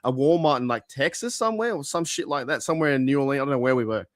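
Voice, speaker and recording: A man's voice: mid-range voice, rapid-fire, no echo, clean studio sound. A man from Australia with an Australian accent, a podcast guest telling stories in casual, swearing chat. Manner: swearing, anecdotal, lively storytelling.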